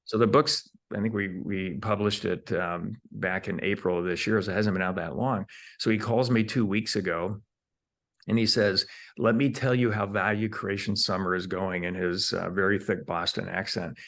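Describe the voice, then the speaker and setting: A man's voice: sits low, fairly even intonation, normal speed, gravelly, a bit bright. A man, an entrepreneur being interviewed, who explains his ideas in numbered steps and often repeats words while he thinks. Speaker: entrepreneur guest. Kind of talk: conversational interview.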